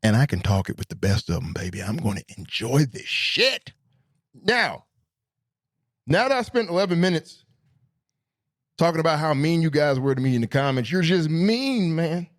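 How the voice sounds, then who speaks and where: A middle-aged man hosting a solo podcast, talking casually in a rambling, profane, animated way. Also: moderate pace, pauses often. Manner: animated, profane, rambling, swings between high and low pitch. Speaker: podcast host.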